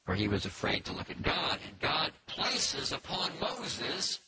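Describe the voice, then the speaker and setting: A man teaching through a Bible passage in a measured, explanatory way, pausing often with fillers. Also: a little high, wildly swooping pitch. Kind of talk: expository Bible lesson. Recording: noisy recording with faint clicks.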